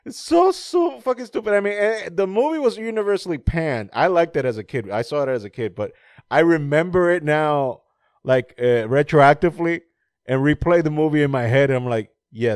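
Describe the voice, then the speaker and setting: A man's voice: on the high side, normal speed, dry recording, studio quality. A man chatting casually about movies, rambling, laughing often and swearing freely. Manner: animated when mocking movie scenes.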